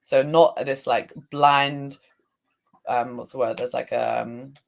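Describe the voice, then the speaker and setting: A woman's voice: extremely low pitch, steady tone, slow, gravelly. A woman emotional release coach, talking as an interview guest in a reflective way, often searching for words with fillers. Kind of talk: conversational interview.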